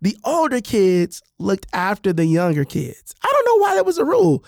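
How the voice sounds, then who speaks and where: A man reading his own book in an animated, conversational way, with repeated asides, acting out the voices of adults and kids. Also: high voice, normal speed, vocal fry, dry recording.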